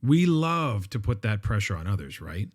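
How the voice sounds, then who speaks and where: A middle-aged man hosts a podcast on his own, speaking in a fairly low voice. He talks in a relaxed, conversational way, with plenty of ums and uhs between his thoughts. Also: normal speed. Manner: conversational, with frequent fillers and restarts. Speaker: podcast host. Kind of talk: solo podcast monologue.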